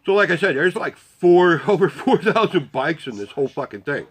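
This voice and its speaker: Man, high voice, casual storytelling, rambling, blunt, lots of swearing. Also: expressive, normal speed, slightly rough, rough recording. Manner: blunt, heavily profane; rambling with restarts. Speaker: volunteer motorcycle parade marshal.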